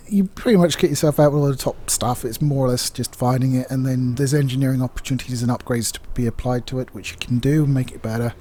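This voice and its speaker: A man's voice: medium pitch, dark tone. A man giving a casual, candid video game review, chatty and rambling with plenty of fillers.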